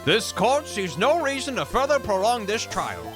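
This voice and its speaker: A man doing a deep, stern game judge. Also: very animated, normal speed, music in the background. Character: stern low-voiced male judge.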